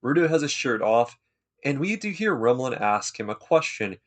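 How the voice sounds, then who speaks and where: A man's voice: medium pitch, big pitch swings, normal speed. Casual, slangy man recapping an anime. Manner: laid-back, slangy, enthusiastic retelling. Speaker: anime episode reviewer.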